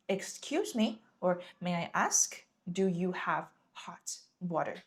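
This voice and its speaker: A woman's voice: lowish voice, very animated, takes it slowly, few pauses. A woman teaching a lesson in English, patiently repeating words and checking in with "right?". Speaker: Chinese teacher. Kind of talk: language lesson explaining vocabulary.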